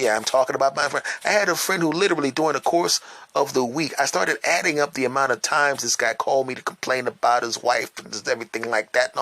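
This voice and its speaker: Man, podcast host, bright edgy tone, dry close sound, animated emphatic storytelling, recorded on a phone. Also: mid-range voice, gravelly, dry recording. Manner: animated, emphatic storyteller who repeats words for effect. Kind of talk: casual monologue.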